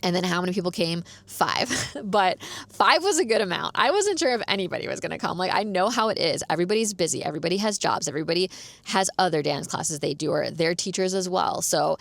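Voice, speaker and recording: A woman's voice: on the low side, expressive, quick pace, gravelly, no echo. A young woman casually telling a story as a podcast host, chatty, filling her talk with "like" and laughing often. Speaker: podcast host and dance teacher.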